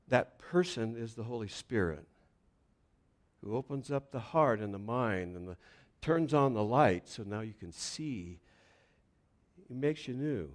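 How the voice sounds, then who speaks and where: Scripture is read aloud and explained by a preaching pastor whose delivery climbs to loud, emphatic points and falls back to soft, low passages.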